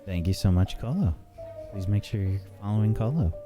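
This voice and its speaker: A man's voice: lowish voice, expressive, brisk, over music. A man hosting a tabletop game as game master, thanking his players effusively.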